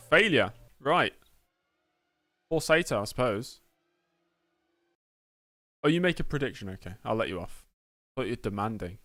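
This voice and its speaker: A man's voice: mid-range voice, expressive, measured pace, long pauses, bright, forceful tone, dry recording, soft background music. A man streaming live gameplay of a racing game, chatting and joking as he answers messages from his chat.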